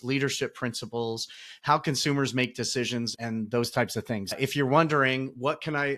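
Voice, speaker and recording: A man's voice: mid-range voice, fairly bright tone. Upbeat man hosting a podcast. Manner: upbeat, laughs often, restarts sentences. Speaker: podcast host. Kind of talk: casual podcast interview.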